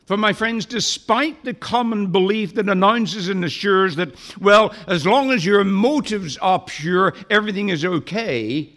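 A man preaching an expository sermon, deliberate and emphatic, slowing down to stress key phrases. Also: high voice, a bit bright.

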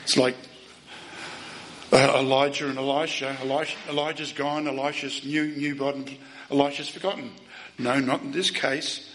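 A man preaching a sermon, emphatic, asking the listeners rhetorical questions and swinging between loud and soft. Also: medium pitch, flat delivery, moderate pace, a little hiss or hum, poor audio.

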